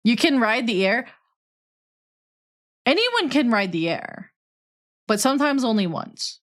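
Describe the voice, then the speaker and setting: A woman's voice: a little high, sing-song, unhurried. A young woman streaming, chatting casually while she builds and talking to her cat in a cutesy voice.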